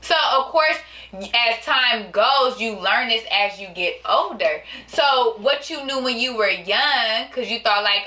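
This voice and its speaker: A woman's voice: mid-range voice, a little slow, pushed and bright. A woman guest on a podcast, talking in casual chat, earnest and reflective as she explains her view at length. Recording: roomy echo.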